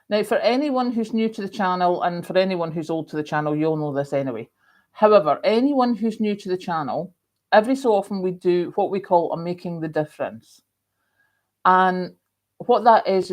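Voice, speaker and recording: A woman hosting a casual live stream, chatting rambly and reading out viewer comments with lots of ums. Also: on the low side. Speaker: livestream host.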